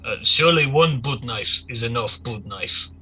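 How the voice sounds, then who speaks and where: A man voicing a gruff male crew boss who speaks in slow, clipped, broken English. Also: medium pitch, animated, bright, forceful tone, a little hiss or hum, poor audio. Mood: stern.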